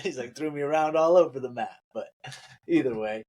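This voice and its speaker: A man co-hosting a podcast, retelling family stories in casual chat, laughing and throwing his voice high for quotes. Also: a little fast, darkish tone. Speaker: podcast co-host.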